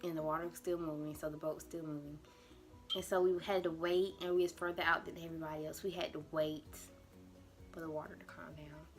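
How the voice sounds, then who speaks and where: A young woman vlogger telling a dramatic storytime to her camera, animated and acting out her own panic. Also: deep voice, brisk, soft background music. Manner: acts out her panicked past self in quotes. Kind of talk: storytime vlog.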